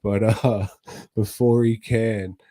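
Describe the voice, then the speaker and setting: A man's voice: on the low side, level tone, slow, warm tone. A man co-hosting a podcast, recapping a movie in casual, profane chat, laughing often and breaking into mock voices. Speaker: podcast co-host.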